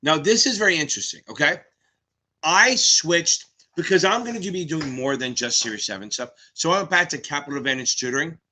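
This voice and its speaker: A man in his fifties hosting a live exam Q&A stream, talking fast, cursing and rambling. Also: fairly high pitch, expressive, sharp tone. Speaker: exam tutor, stream host.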